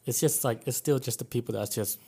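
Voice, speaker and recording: A man's voice: mid-range voice, a little fast, dark tone, breathy edge. A young man co-hosting a casual podcast, telling laid-back anecdotes and swearing freely. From Atlanta area. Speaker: podcast co-host.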